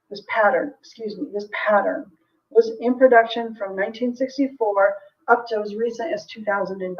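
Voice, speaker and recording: A woman's voice: medium pitch, distant mic, highs cut off. A woman hosting a live jewelry sale, chatting casually with viewers, full of ums and little laughs, from the United States. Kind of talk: casual live-stream selling chat.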